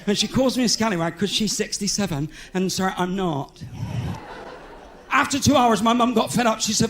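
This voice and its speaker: A man's voice: high voice, moderate pace, a bit bright, a little hiss or hum. A man with a West Country English accent doing live stand-up comedy in a large theatre, chatty and self-mocking as he banters with the crowd. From England.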